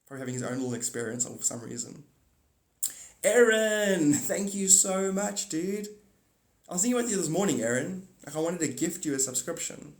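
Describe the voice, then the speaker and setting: Animated man rambling on a live stream. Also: on the high side, fairly quick, reverberant. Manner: animated, swings between loud outbursts and muttering asides.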